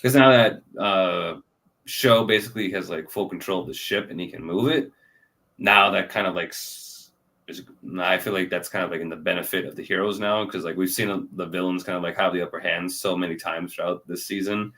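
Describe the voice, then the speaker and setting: A man with a very low voice co-hosting a podcast. His talk is loose and animated, and he laughs easily between his points. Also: a little fast. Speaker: podcast co-host. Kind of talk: casual chat reviewing a show.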